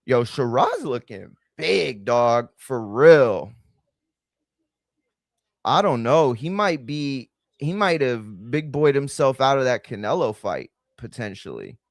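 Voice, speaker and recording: A man's voice: mid-range voice, big pitch swings, slow, no room sound, clean studio sound. Slangy man streaming fight commentary. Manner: loose, slangy, chatty, addresses chat directly. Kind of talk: casual live-stream commentary.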